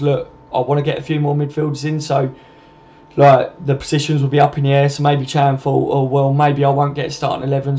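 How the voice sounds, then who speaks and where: Man, mellow tone, casual chat, faint noise behind. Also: medium pitch. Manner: chatty, matey, addresses viewers as mate. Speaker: host. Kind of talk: casual live-stream chat reading comments. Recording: dull lo-fi home stream with faint noise.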